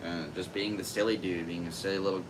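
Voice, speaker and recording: A man's voice: low voice, little pitch movement, quick pace, background noise. A young man and podcast host chatting casually about his stand-up comedy, rambling and full of fillers. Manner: rambling, self-amused, lots of fillers. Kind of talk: casual solo chat.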